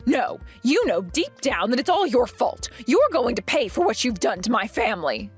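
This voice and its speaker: A woman playing a controlling middle-aged mother-in-law who snaps with indignation and throws accusations, her higher voice leaping all over the place. There's a breathy edge to her tone, and soft music runs under it. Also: sing-song, normal speed, exaggerated voice. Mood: accusing. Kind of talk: voiced animated story drama.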